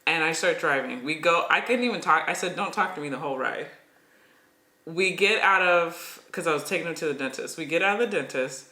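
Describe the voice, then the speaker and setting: A middle-aged podcast co-host telling a story in casual chat, animated and breaking into nervous laughs. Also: medium pitch, fairly quick, few pauses. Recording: echoey room.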